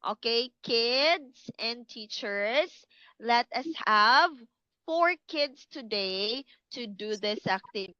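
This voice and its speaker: A woman teaching English to young children, speaking slowly and clearly and encouraging them to repeat words. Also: on the high side, lively intonation, bright, forceful tone, no room sound, highs cut off. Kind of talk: online class for kids.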